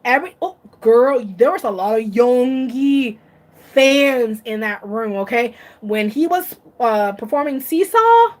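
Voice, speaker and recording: A woman's voice: on the high side, expressive, unhurried, a little mellow. A woman vlogger chatting casually on a live stream, emotional and tearful, gushing and laughing often.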